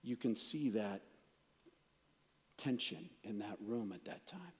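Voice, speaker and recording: A man preaching a sermon, emphatic, swinging between raised declarations and hushed, intense passages. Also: on the low side, lively intonation, takes it slowly. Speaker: pastor. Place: church sanctuary. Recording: long reverb of a large hall.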